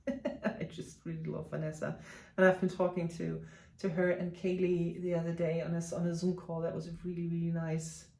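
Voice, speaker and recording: A woman's voice: lowish voice, dark tone. A woman from Germany, a native German speaker, chatting casually to camera as a stitching vlog host, with many fillers and restarts. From Germany (Hanover). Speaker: flosstube host. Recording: echoey room.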